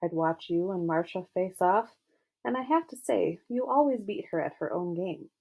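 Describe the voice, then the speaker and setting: Earnest teenage boy football star, read by a woman, soft and hesitant, low and mellow tone. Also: animated, normal speed, gravelly, husky, exaggerated voice. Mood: sincere. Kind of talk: audiobook character voice.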